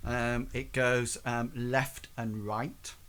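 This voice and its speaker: Game master, male, mid-pitched, halting delivery full of restarts. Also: flat delivery, a bit bright. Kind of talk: narrating a tabletop game.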